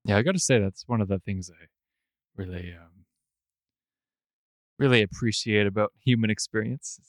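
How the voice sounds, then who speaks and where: A man's voice: on the low side, normal speed, no echo, clean studio sound. A man chatting casually on a podcast, hesitant and full of stammered restarts. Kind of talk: casual chat.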